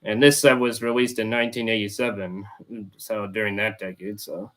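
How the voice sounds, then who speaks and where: A young man hosting a casual roundtable chat, talking haltingly with many restarts and repeated words. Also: on the low side, level tone, a bit bright. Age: young adult. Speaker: host.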